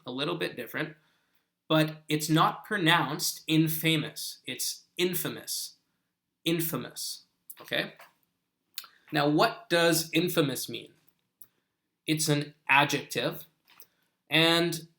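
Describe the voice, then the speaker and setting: Slow, bright-voiced male English teacher. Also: a little high. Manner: patient, correcting viewer sentences from a chat. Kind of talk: live online English lesson.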